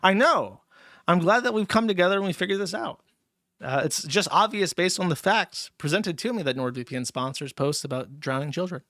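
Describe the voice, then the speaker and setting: A man's voice: expressive, normal speed, pushed and bright, dry recording, studio quality. Profane mocking man ranting on stream. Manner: mocking, profane, slips into squeaky put-on voices. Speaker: livestream host reading paid chat messages. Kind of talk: casual crude livestream rant.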